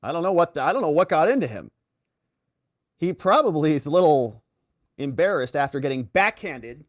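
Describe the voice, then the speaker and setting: Man, sarcastic commentary, animated higher voice, dry close sound. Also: fairly quick, dry recording. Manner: mocking, puts on voices for politicians. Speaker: political commentary host.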